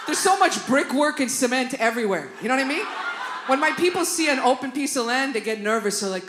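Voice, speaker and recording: Brash animated woman comic. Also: high-pitched, fairly quick, noisy background. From Canada. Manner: animated, brash, swears freely. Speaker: stand-up comedian. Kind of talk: stand-up comedy. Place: theatre stage. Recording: roomy live theatre sound.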